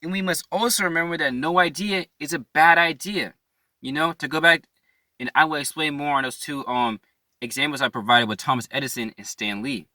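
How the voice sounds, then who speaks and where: A young man with a very bright, forward voice, pitched a little above the usual, gives a casual motivational talk straight to camera. He is earnest and slangy, calls his listeners "bro" and keeps checking in with "right?" as he repeats his points. The sound is close and dry. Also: brisk, dry recording. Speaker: motivational YouTuber.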